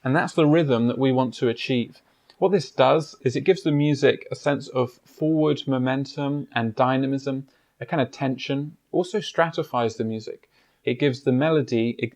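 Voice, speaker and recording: With piano playing in the background, a man with a medium-pitched, slightly mellow voice teaches pedaling, fingering and rhythm. He explains in a measured way with pauses and fillers, breaking off to demonstrate at the keyboard.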